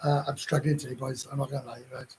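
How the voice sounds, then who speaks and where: A Welsh man with a gruff voice, hosting a casual live chat and answering viewer comments in a rambling, blunt way with frequent swearing. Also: medium pitch, level tone, quick pace, darkish tone, slight background noise, poor audio. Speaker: livestream host.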